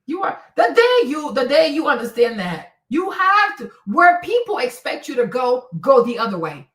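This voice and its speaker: A woman's voice: high voice, very animated, moderate pace, a bit bright, roomy sound, far from the mic. A woman hosting a livestream, handing out blunt relationship advice in a brash, profane, mocking way. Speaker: livestream host.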